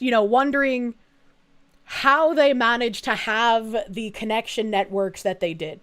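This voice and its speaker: A young woman streamer chatting casually, reading viewer messages aloud and answering them. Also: fairly high pitch. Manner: chatty, reads messages aloud, frequent fillers and laughs. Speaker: streamer reading chat donations. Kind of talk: casual livestream chat.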